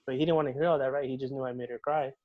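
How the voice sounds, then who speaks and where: A young man telling a story in casual chat on a podcast, animated and swearing a lot. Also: mid-range voice, rapid-fire, lo-fi sound. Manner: animated, swears often, says "bro" and "dude". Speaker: podcast guest.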